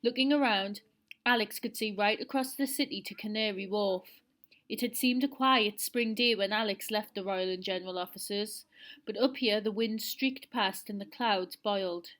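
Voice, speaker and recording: A woman's voice: mid-range voice, moderate pace, fairly bright tone. A woman teacher reading a novel aloud to her pupils and setting quiz questions. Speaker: primary school teacher.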